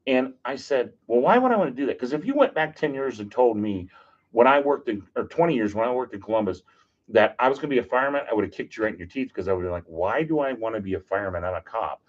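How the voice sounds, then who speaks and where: A man, a podcast guest, telling stories in a casual, animated, joking way and acting out what people said. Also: medium pitch, fast talker. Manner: animated, jokey, acts out quotes. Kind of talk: casual storytelling. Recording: dull lo-fi podcast audio.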